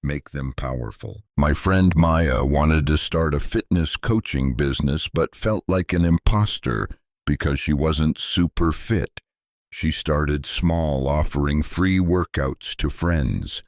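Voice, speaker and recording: A man delivering a scripted motivational speech in a slow, deliberate, emphatic way. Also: very deep voice, no echo, studio quality. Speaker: motivational speaker.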